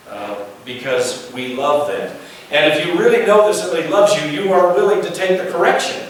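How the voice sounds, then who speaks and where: A male pastor preaching a lively sermon, asking the congregation questions and acting out the voices he quotes. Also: on the high side, normal speed. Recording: echoey room, mic at a distance, faint background noise.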